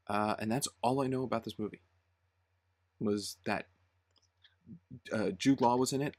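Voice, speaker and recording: Lower-voiced man with dry quips. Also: no echo. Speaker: podcast co-host. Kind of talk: casual podcast chat.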